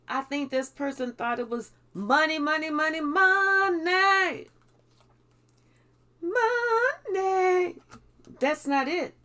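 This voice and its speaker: Slow-talking woman giving a tarot reading. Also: high voice. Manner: blunt, swears freely. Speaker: tarot reader.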